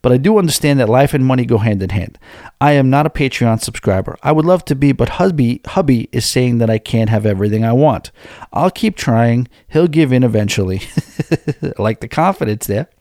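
A man's voice: medium pitch, lively intonation, brisk, a little mellow, dry recording, clean studio sound. A man hosting a podcast in casual chat, candid and rambling, reading out listener emails and answering them. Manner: candid, rambling, restarts mid-sentence. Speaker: podcast host.

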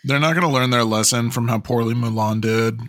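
A man co-hosting a podcast, casually discussing a movie, animated and swearing freely as he shares trivia. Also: mid-range voice, fairly quick, dry recording, studio quality. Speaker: podcast co-host. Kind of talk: casual movie review chat.

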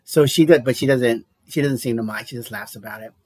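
A man's voice: mid-range voice, fairly quick, darkish tone. A man on a podcast telling a rambling, self-deprecating story in casual chat, laughing often.

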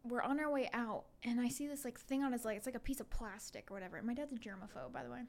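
Young woman, high voice, podcast host, animated storyteller, laughs a lot. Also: racing, creaky. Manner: animated storyteller, laughs often, acts out quotes. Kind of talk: casual podcast chat. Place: room in a Florida home.

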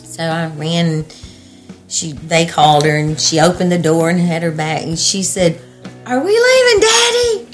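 A woman, telling her story as an interviewee in halting bursts full of restarts. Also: low-pitched, little pitch movement, faint music behind. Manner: halting, breathless retelling with restarts and laughter. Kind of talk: personal storytelling.

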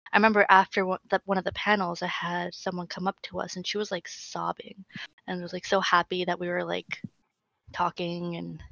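A woman's voice: lowish voice, vocal fry, no room sound. A woman guest chatting casually in an interview, telling stories with lots of filler words. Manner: chatty, filler-heavy, animated storytelling. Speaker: guest cosplayer. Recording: dull lo-fi audio.

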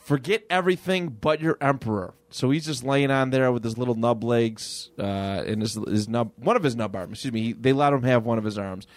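A man's voice: medium pitch, a little fast, few pauses, dry recording. A man co-hosting a podcast, retelling a comic plot in casual chat, with lots of stammered restarts. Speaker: podcast co-host.

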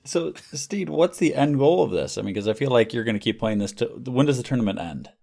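A man's voice: medium pitch, animated, a little fast, vocal fry, a little mellow. A man co-hosting a podcast in casual chat, making dry, teasing asides. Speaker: podcast co-host.

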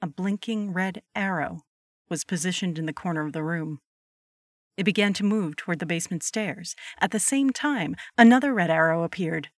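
A woman narrating a scripted horror story at a measured pace. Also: on the low side, dry recording, studio quality.

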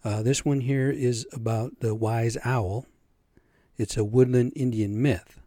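Man, casual storyteller, chatty, dark mellow voice, dry close sound. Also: medium pitch, steady tone, measured pace, no echo. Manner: chatty, checking in with listeners. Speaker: storyteller and vlogger.

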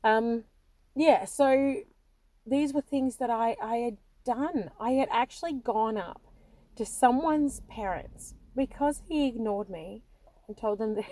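This podcast host is a middle-aged woman whose slightly high, dark-toned voice moves at an unhurried pace. In her monologue she shares self-deprecating personal stories, frequently laughing and starting sentences over with nervous energy.

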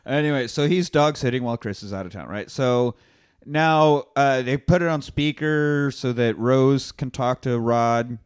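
A man hosting a casual podcast, retelling film scenes with animated quoting and frequent swearing. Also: mid-range voice, measured pace, smooth. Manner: animated storyteller, acts out quotes, swears freely. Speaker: podcast host.

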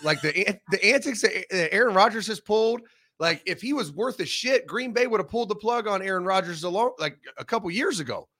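A man's voice: sits high, expressive, fairly quick, sharp tone. A man speaking as a guest on a sports show, blunt and opinionated, swearing a lot. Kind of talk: casual sports talk.

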